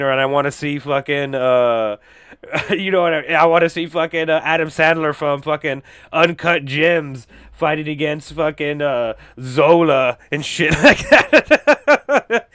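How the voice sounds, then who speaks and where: A man's voice: on the high side, fairly bright tone, no room sound. A young man hosting a casual solo podcast, rambling, swearing and joking with lots of fillers. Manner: profane, jokey, rambling with frequent fillers. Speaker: podcast host.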